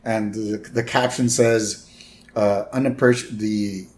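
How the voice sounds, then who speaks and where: A man's voice: fairly low pitch, steady tone, slow. A man co-hosting a podcast, casually retelling a cartoon episode scene by scene and tossing in quoted lines. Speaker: podcast co-host.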